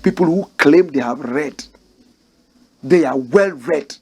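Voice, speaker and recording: A man's voice: fairly high pitch, slow pace, long pauses, breathy edge. A man with a Ghanaian English accent giving fiery political commentary, mocking and emphatic, with repeated rhetorical questions.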